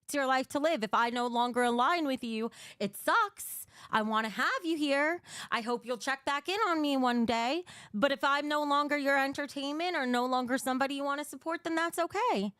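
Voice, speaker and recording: A woman's voice: high voice, moderate pace, few pauses, a bit bright, no echo, studio quality. A young woman hosting a livestream, talking bluntly and emotionally, swearing freely while answering her chat. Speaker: livestream host.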